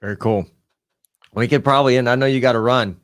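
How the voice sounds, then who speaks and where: A man's voice: medium pitch, no echo, studio quality. A man co-hosting a podcast in a casual, friendly way, often restarting his sentences. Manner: friendly, rambling, halting restarts. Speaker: podcast co-host. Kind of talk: casual chat.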